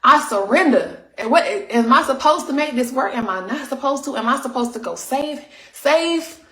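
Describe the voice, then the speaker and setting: A woman's voice: sits high, lively intonation, normal speed, pushed and bright, reverberant. A woman speaking in an emotional, preachy way, repeating herself for emphasis. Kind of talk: emotional testimony.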